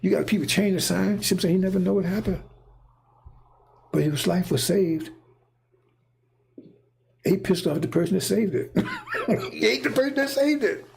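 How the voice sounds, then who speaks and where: Man, gravelly voice, fairly high-pitched, loose rambling monologue, keeps asking "see?". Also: huge pitch swings, normal speed, pauses often, darkish tone. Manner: casual, repetitive, keeps checking in with "see?" and "right?". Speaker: speaker giving a prophetic monologue.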